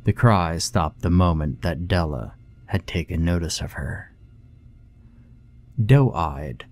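A man narrating a horror story in a hushed, measured, scripted manner. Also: low-pitched. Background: faint music.

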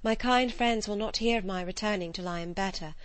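Woman reading as a sweet mild young lady, soft and quiet, dry sound. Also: medium pitch, fairly quick, no echo, lightly acted. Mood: gentle.

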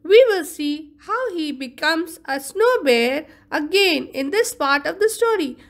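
A woman's voice: high-pitched, animated. A woman teacher giving an online lesson, carefully explaining vocabulary. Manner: slow, explaining word meanings carefully.

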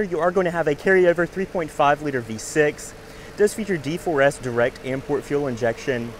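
A man at a car dealership giving a walkaround tour, listing features in short, brisk bursts. His voice sits at a middle pitch, and faint ambient noise hangs behind him as he talks from inside the car.

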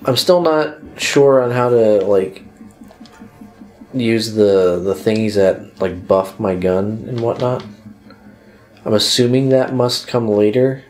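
A man's voice: lowish voice, takes it slowly, darkish tone. A young man playing a video game and chatting casually, laid-back and swearing often, mumbling as he reads menus aloud. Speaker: gameplay commentator. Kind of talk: casual let's play banter.

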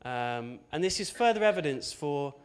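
A man's voice: fairly high pitch, expressive, moderate pace, clear, resonant tone. Chatty man preaching a sermon. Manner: conversational, chatty, with asides and tag questions. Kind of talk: informal sermon.

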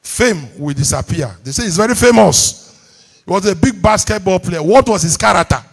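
The preacher here is a man with a Nigerian English accent whose high, expressive voice is gravelly and slightly rough, moving at a moderate pace. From the pulpit of a church hall, he calls on the congregation to repeat his lines back to him, repeating them himself for emphasis.

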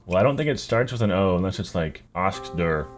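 A man with a fairly low voice thinks aloud through a word puzzle, trailing off into half-words and stray guesses and laughing often at himself. Music runs clearly underneath him the whole time. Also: lively intonation, fairly quick. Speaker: gaming YouTuber. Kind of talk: thinking aloud while playing a word game.

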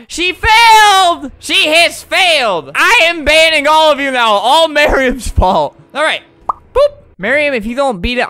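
Lively, bright-voiced gaming commentator. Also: medium pitch. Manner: excitable, teasing, laughs often. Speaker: gaming video creator.

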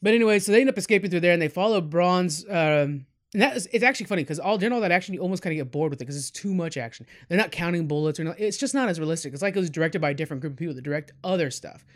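A man's voice: sits high, racing. A man hosting a podcast, giving a casual, rambling film review full of fillers and asides to his listeners. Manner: rambling, chatty, many fillers, addresses listeners as guys.

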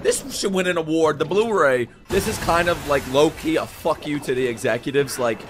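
A young man reacting to an anime, shouting, swearing and laughing in excited commentary. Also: on the high side, moderate pace, music in the background. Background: anime soundtrack playing.

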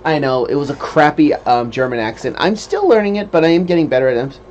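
A man's voice: fairly high pitch, expressive, fast talker, few pauses, a little mellow. A man chatting casually on a livestream, rambling and joking and trying out silly impressions. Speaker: streamer.

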